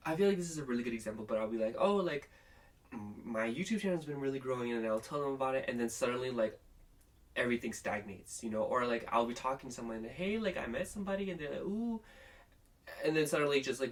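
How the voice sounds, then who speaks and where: A man's voice: medium pitch, recorded from a distance. Rambling, chatty young man, off-mic. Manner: chatty, rambling, many fillers. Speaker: tarot reader. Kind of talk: casual rambling tarot reading.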